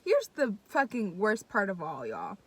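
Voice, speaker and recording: A young woman telling a story to her viewers in casual, excitable, profane chat, talking straight to the audience. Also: mid-range voice, a little slow, breathy edge, dry recording. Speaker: vlogger.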